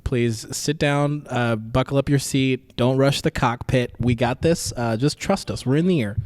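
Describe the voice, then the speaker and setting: A man's voice: mid-range voice, normal speed, no echo. A man co-hosting a casual podcast who jokes around and laughs often. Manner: joking, animated, laughs often. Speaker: podcast co-host. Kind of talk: casual chat.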